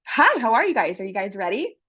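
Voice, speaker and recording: A woman's voice: mid-range voice, big pitch swings, fairly quick, fairly bright tone, husky, dull audio. A woman voicing a nervous woman cashier who earnestly warns customers. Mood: warning. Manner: earnest, insistent warning. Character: nervous woman shopkeeper giving a warning.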